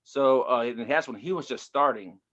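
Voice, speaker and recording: Man, comedian guest, rambling storyteller, mid-pitched voice, casual chat. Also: moderate pace, fairly bright tone, dull audio. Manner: loose, rambling, chatty with many fillers. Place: Houston area.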